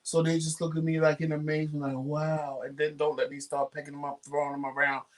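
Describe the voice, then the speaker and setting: A talk-show co-host chatting casually, telling stories with lively acted-out quotes and slangy speech. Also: medium pitch, fast talker. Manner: animated storyteller acting out quotes. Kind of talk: casual chat.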